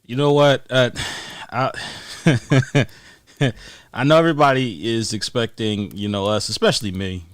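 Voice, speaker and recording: A man's voice: lowish voice, smooth, no echo. A man, co-hosting a sports podcast, ranting emphatically and repeating his points as he builds up steam. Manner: emphatic, repetitive, rising to near-shouting on points. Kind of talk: heated sports talk rant.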